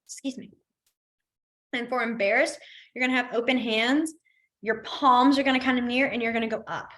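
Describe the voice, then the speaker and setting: A woman's voice: on the high side, moderate pace, a bit bright. Chatty woman teaching a beginners' class. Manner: chatty, explains with everyday examples, laughs easily. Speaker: sign language instructor. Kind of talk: casual teaching.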